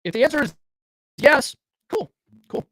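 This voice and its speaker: An unhurried man with a very high, fairly bright voice sounds very animated. The clean studio audio has no room sound. Solo on a casual show about dating and self-improvement, he speaks bluntly and profanely, keeps asking listeners "right?" and directly challenges them with rhetorical questions.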